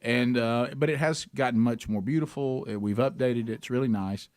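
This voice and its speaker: A man hosting a radio talk show, spinning a folksy story at an everyday pitch. His voice sits close and dry on the mic with no room sound. He chuckles his way through the anecdote. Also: normal speed, a little mellow, clear, resonant tone, dry recording. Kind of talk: casual talk show chat. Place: radio studio.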